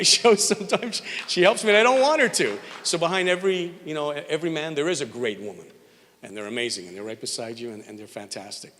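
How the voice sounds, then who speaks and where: A man's voice: mid-range voice, a bit bright. A man from Montreal, a radio morning show host, giving an informal tribute speech full of rambling, jokey stories in which he acts out quoted voices. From Montreal, Canada. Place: large hall at an event. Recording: reverberant hall.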